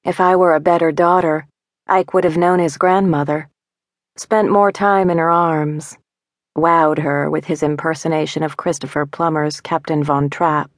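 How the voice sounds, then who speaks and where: A woman narrator reading a first-person literary story in a measured, wry, intimate way, close on a studio mic. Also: low-pitched, steady tone, no room sound. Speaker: audiobook narrator.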